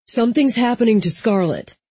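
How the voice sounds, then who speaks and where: A woman's voice: on the high side, expressive, fairly quick, warm tone, husky, no echo, dull audio, voice pushed up. A woman voicing a male cop under pressure, talking urgently in short clipped phrases, raising his voice over noise.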